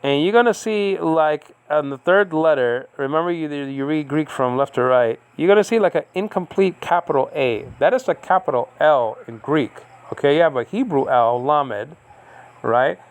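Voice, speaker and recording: Recording a Greek lesson on a device he operates himself, a man explains things step by step, using many fillers and often checking that the listener is following. His voice is a little high, clear and resonant, with lively intonation at a normal speed.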